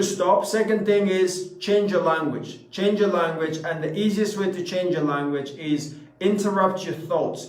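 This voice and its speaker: Emphatic high-voiced man in an echoey room. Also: far from the mic. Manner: emphatic, repeats phrases, asks the audience questions. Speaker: motivational speaker. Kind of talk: motivational talk to a live audience.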